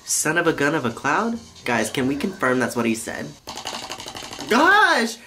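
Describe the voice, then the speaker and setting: A young man vlogging while high, excitable and rambling as he paints along and talks to the camera. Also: brisk, noisy background. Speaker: YouTuber. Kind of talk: casual vlog commentary.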